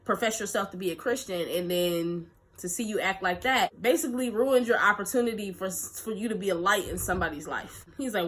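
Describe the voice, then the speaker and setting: A young woman vlogger telling a story in a lively, animated way, acting out quotes and laughing often. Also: medium pitch, brisk, slight background noise. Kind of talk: storytime vlog.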